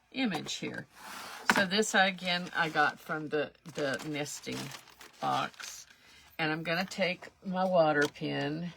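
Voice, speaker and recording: Woman, craft livestream host, slow unhurried talk, bright edgy tone, rambling and self-deprecating. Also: fairly low pitch, vocal fry, a little hiss or hum. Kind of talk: casual live craft demonstration.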